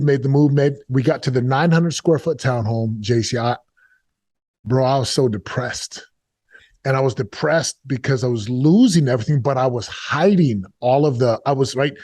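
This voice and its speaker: A man's voice: medium pitch, normal speed, darkish tone, no echo. Middle-aged male guest, confessional storyteller, repeats himself in bursts, dry close mic. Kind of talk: emotional storytelling interview.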